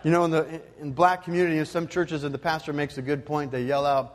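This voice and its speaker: A man preaching a sermon as pastor, animated and emphatic, with loud rising peaks. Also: fairly high pitch, a little fast, hardly any pauses, in a large hall, a little hiss or hum.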